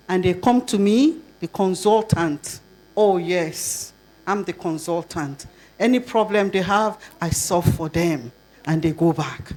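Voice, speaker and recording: An older woman with a Nigerian accent giving a conference talk, lively and asking the audience rhetorical questions. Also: mid-range voice. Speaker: conference speaker.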